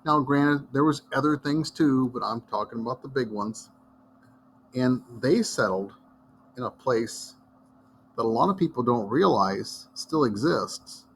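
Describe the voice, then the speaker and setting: A man's voice: mid-range voice, lively intonation, unhurried, slight background noise. A middle-aged man from Iowa giving a casual history lesson, telling stories in a folksy, wandering way. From Iowa, United States. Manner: folksy, digressive storyteller. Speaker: history teacher. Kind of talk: casual classroom lecture.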